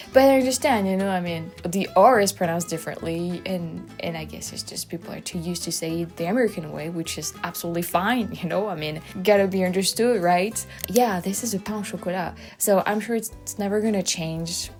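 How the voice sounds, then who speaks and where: French-accented woman, low-pitched voice, emphatic casual video chat, faint music underneath. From France. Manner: animated, emphatic, with frequent restarts. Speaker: YouTube host. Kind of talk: casual explainer talk to camera.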